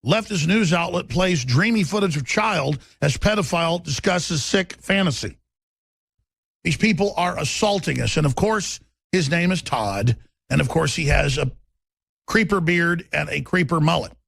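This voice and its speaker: Man, talk radio host, angry shouting rant, high-pitched, gravelly, raspy. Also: animated, normal speed, no room sound. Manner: shouting, agitated tirade.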